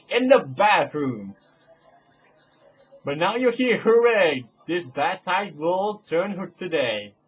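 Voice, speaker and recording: A man's voice: fairly high pitch, a little hiss or hum. A man voicing two rival female fairy guides who trade rhyming insults in a singsong voice. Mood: theatrical. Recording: dull lo-fi home recording.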